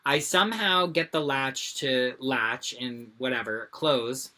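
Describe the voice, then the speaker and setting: Low-voiced woman telling a story. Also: slow. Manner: animated storytelling, swearing freely. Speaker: podcast co-host. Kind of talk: casual chat.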